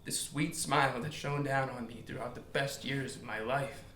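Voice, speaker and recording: An actor playing a despairing, lovesick young writer who pleads, swinging from hushed to shouting. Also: male voice, medium pitch, fairly even intonation, normal speed, slight background noise, lightly acted. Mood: anguished. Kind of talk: stage drama scene on film. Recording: echoey room.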